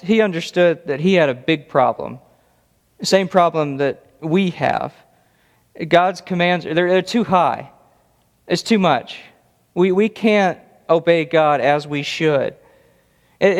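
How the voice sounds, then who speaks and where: A man's voice: on the high side, unhurried, long pauses. A man preaching an expository sermon, earnest and emphatic, often repeating words for stress. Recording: long reverb of a large hall.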